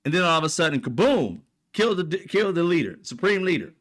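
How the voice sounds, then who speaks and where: A man's voice: on the high side, big pitch swings, brisk, a bit bright. A man delivering a heated, profane political rant, mocking and blunt. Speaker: political commentator. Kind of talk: ranting monologue.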